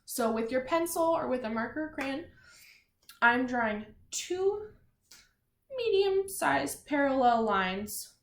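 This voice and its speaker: Slow-talking woman teaching young children. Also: high-pitched, expressive. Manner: slow, gentle classroom instruction with spelled-out letters. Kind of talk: children's lesson, slow spelling and reading aloud. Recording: echoey room with faint noise.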